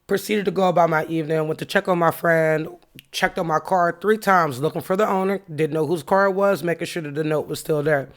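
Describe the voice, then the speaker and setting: A woman's voice: low voice, fairly quick. A woman hosting a podcast, candidly retelling a heated run-in and reflecting on what it taught her. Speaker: podcast host. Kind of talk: casual personal storytelling with a lesson.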